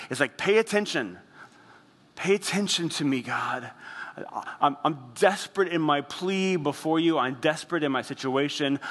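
A man preaching a sermon as pastor, earnest, slowing down and dropping his voice on heavy phrases. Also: medium pitch, a bit bright, big-room sound.

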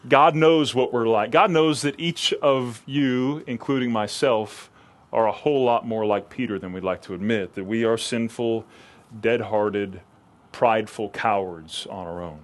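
A man preaching a sermon, reading scripture and explaining it, acting out the quoted lines and often repeating words as he restarts. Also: a little slow. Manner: expressive, acts out quoted lines with rising pitch.

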